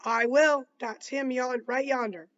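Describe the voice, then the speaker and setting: A man's voice: very high voice, steady tone, measured pace, a bit bright, far from the mic, muffled recording. A man voicing a defensive young woman witness.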